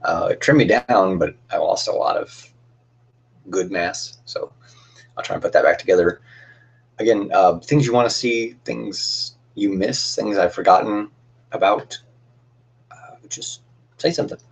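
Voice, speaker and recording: A man's voice: sits low, measured pace, vocal fry, long pauses, slightly rough. A young man hosting a casual cosplay livestream, chatting in a rambling, friendly way with lots of fillers and restarts.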